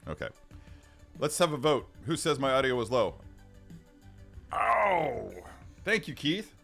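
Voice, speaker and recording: Slow, sing-song, and creaky, this middle-aged man's mid-range, slightly bright voice hosts a casual livestream. He rambles through many restarts and little chuckles as he reads the chat, speaking into a studio microphone, with faint music in the background.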